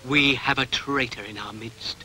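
A man's voice: mid-range voice, fairly even intonation, moderate pace, pushed and bright, low-quality recording. A man with an English accent voicing a grumpy, pompous shaggy male dog who makes indignant speeches.

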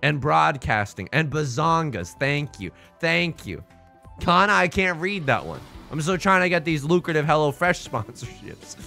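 A young man casually bantering on a livestream while playing mahjong, rambling and joking, with loud high outbursts. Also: big pitch swings, normal speed, creaky, soft background music. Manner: rambling, jokey, bursts into loud high bits. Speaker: streamer playing online mahjong.

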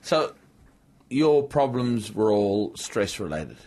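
A man's voice: on the low side, sing-song, slow pace, darkish tone. A man hosting an interview and asking short, dry, teasing questions. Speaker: host.

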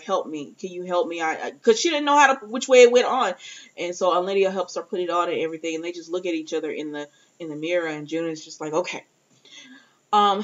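A woman's voice: medium pitch, dull audio. A woman giving a casual, rambling recap of a TV episode, acting out what the characters said. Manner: chatty, rambling, acts out characters' lines. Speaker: TV recap reviewer.

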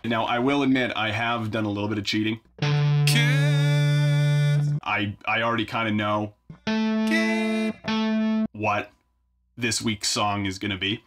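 Over loud music, a songwriter hosts a vlog from his home studio, his low-leaning voice flat and a little fast. He talks casually and wryly, poking fun at himself as he thinks aloud while working.

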